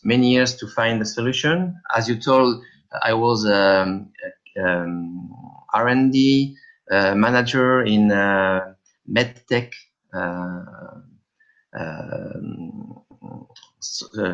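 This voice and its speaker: A middle-aged man with a French accent answers interview questions in a low voice, halting and searching for his English words. His audio comes through a little muffled. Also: fairly bright tone. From France. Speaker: guest, app developer.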